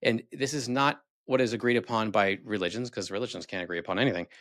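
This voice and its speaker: Man hosting, sarcastic and critical, lowish voice, dry sound. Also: a bit bright, no echo. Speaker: video host. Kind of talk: casual commentary.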